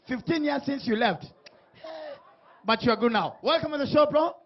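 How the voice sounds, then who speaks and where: High-voiced man hosting comedy. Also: normal speed, dull audio. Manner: teasing, punchy, shouts hype lines to the crowd. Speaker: talk show host. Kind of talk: comic stage hosting before a live audience.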